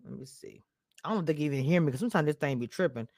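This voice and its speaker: A woman's voice: deep voice, animated, rapid-fire, a little mellow, no echo, clean studio sound. A woman hosting a casual live stream, chatting straight to her viewers and laughing often as she talks. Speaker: live-stream show reviewer.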